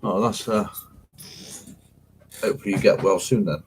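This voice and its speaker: A man's voice: on the low side, normal speed, background noise. A man hosting a livestream for paranormal investigators, telling rambling, sweary stories to his viewers in casual slang. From England. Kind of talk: casual live chat with viewers.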